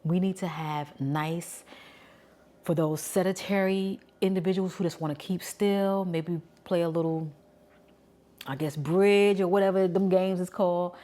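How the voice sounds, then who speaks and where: Forties woman, New York accent, deep-set low voice; casual, candid vlogger talk. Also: steady tone, measured pace. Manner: chatty, candid, thinking out loud.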